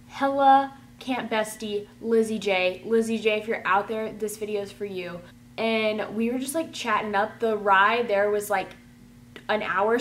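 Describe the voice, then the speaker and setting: A woman telling a rambling, chatty storytime, full of "like" and excited gushing. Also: mid-range voice, a little hiss or hum. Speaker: vlogger. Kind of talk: casual storytime.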